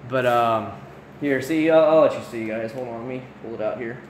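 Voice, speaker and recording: A man's voice: mid-range voice, fast talker, a little mellow. Rambling man on a late-night livestream. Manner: rambling, casual, chats with viewers by name. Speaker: livestream host. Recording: roomy echo with faint room noise.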